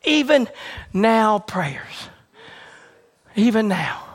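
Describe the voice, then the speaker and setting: A man preaching a sermon with a repetitive, building cadence that swings between shouted peaks and hushed, near-whispered lines. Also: high voice, very animated, drawn-out words.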